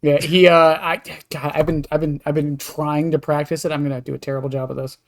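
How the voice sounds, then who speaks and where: Rambling mid-pitched podcast guest. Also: little pitch movement. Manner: quick, rambling, lots of fillers and restarts. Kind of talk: casual gaming podcast chat.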